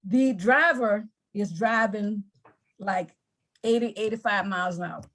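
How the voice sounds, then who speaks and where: A woman's voice: medium pitch, measured pace, fairly bright tone. A woman anger management coach in an interview, explaining earnestly with examples and often repeating words.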